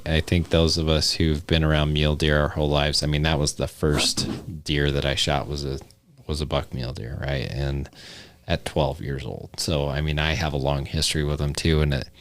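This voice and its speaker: Very deep-voiced man, enthusiastic host. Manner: friendly, enthusiastic interviewer. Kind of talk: casual radio chat.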